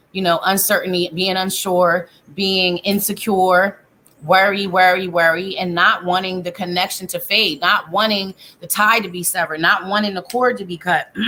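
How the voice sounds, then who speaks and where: A woman's voice: medium pitch, pushed and bright, a little hiss or hum. A woman giving a live tarot reading in a chatty manner, thinking aloud and breaking off mid-sentence. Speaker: psychic tarot reader.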